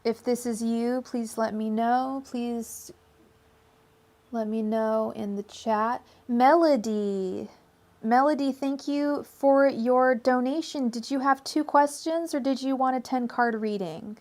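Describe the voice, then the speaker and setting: A young woman from the United States giving live tarot readings on a stream, chatty and quick to laugh, who chants her invocations to the cards in an even, repeating rhythm. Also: a little high. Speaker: tarot reader.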